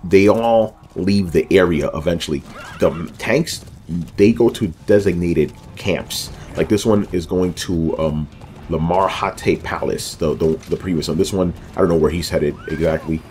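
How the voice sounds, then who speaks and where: A man's voice: deep voice, normal speed, a little mellow, slight background noise. A man giving casual commentary over a video game walkthrough, rambling loosely with lots of fillers and joking asides about himself.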